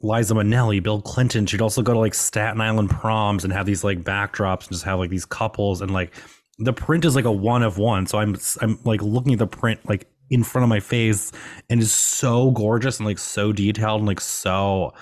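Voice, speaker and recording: Low-voiced man, rambling podcast host. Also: fairly even intonation, normal speed. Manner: rambling, laughing, swears often, many "like" fillers. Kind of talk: casual chat.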